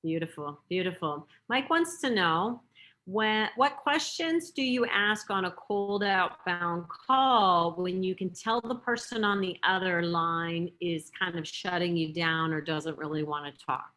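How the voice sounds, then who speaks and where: A woman's voice: lowish voice, unhurried. A woman hosting an online Q&A, greeting attendees and reading out audience questions to her guest. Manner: warm, affirming, reads audience questions. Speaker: podcast host.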